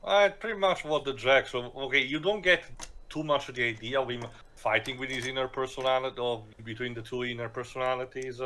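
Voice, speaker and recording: Brief: male co-host, bright tone, halting lore explanations full of "uh". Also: medium pitch, a little hiss or hum, low-quality recording. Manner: halting, many fillers, knowledgeable. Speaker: podcast co-host. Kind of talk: casual film commentary.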